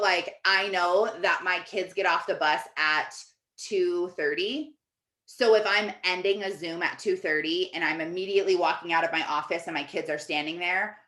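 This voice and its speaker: A woman's voice: lowish voice, fairly bright tone. A woman life coach giving a casual, chatty coaching talk to her team in an office, often filling with "like". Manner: chatty, fills with "like". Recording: echoey room.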